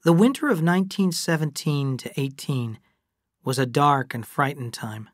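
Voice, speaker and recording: A narrator reading an abridged novel aloud in slow, even storytelling. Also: mid-range voice, dry recording, clean studio sound.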